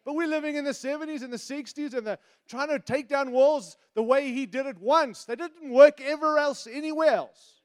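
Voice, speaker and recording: Middle-aged guy preaching, high voice, teasing, gets loud then drops way quiet. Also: clear, resonant tone. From outside the United States. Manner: animated, teasing, switches between loud emphasis and hushed asides. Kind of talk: sermon.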